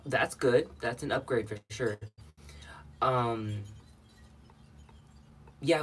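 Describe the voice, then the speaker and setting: A man's voice: medium pitch, slight background noise. A man hosting a casual livestream, chatting and rambling with viewers and greeting them by name, a little out of breath. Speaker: livestream host.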